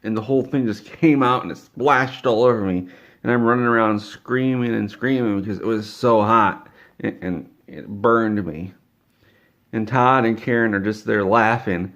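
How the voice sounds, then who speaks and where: Gravelly low-voiced man telling absurd tales. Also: normal speed, fairly bright tone, highs cut off. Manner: rambling, stammering repetitions. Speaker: storyteller. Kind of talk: absurd comedic storytelling.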